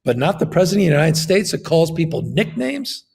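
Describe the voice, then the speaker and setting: A man's voice: fairly high pitch, very animated, fairly quick, creaky, darkish tone, slightly rough. A man, a governor, giving an impassioned political interview, emphatic and fond of repeating his phrases.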